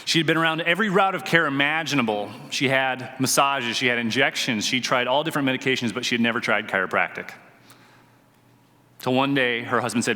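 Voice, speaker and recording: A man speaks from a conference stage in a bright, forceful voice, spinning stories, poking fun at himself and throwing questions to the crowd. His voice rings out with a long reverb through a large event hall. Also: mid-range voice, brisk. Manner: storytelling, self-deprecating, quizzes the audience. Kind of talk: motivational stage talk. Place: conference stage before a live audience.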